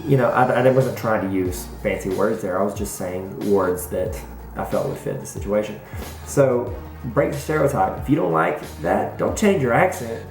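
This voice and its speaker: A man's voice: fairly low pitch, expressive, moderate pace, gravelly. A man with a Southern US accent, a school principal answering viewer questions in a playful, rambling, self-mocking way. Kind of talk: casual Q&A vlog. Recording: echoey room with faint music.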